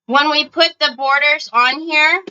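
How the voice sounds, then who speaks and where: A woman's voice: high voice, fairly even intonation, a little slow, bright, forceful tone, dull audio. A woman hosting a casual craft livestream, chatting with viewers as she works and thinking aloud.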